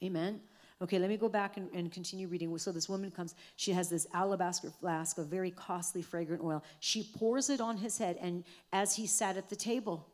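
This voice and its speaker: A woman's voice: lowish voice, fairly even intonation, a little fast. Impassioned woman preaching a sermon. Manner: impassioned, rising to loud exhortation with repeated phrases.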